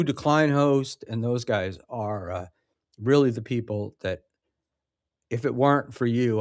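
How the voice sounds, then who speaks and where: A man hosting a casual livestream, reading chat messages aloud and answering them. He talks slowly and loses his thread, full of ums and restarts, with a dry, sarcastic edge. The sound is close and dry, with no room around it. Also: mid-range voice, darkish tone, no room sound.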